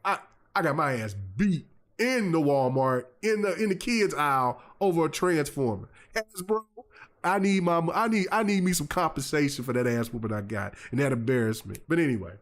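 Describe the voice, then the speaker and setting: A man hosting a gaming podcast, telling stories in a lively, rambling way full of fillers and restarts. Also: on the high side, moderate pace. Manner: animated storyteller, many fillers and restarts. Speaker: podcast host. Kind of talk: casual chat.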